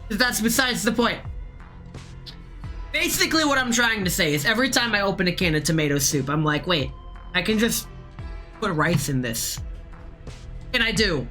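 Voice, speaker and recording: Tipsy, excitable woman streamer, bright voice. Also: medium pitch, moderate pace, long pauses, faint music behind. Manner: excitable and profane, rambling off on tangents. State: tipsy from drinking. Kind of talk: live game-stream commentary and reading aloud.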